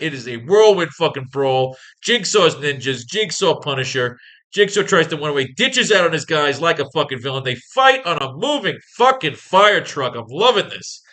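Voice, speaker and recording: A man whose voice is fairly high and sharp in tone teaches a writing class. The comic-planning talk is relaxed and peppered with swearing as he reads panels aloud.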